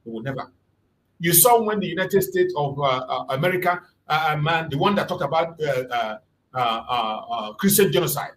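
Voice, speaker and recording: A man's voice: on the high side, animated, normal speed, a bit bright, a little hiss or hum, rough recording. A man from southeastern Nigeria, hosting an impassioned political commentary and hammering his points home with repetition. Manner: fervent, repetitive, emphatic. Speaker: channel host.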